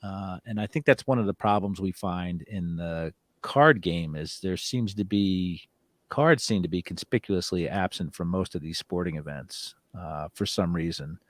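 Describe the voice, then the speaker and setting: A man's voice: low-pitched, normal speed, dry recording. A man hosting a live call-in talk show, rambling casually with lots of fillers. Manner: rambling, filler-heavy, easygoing. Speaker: host.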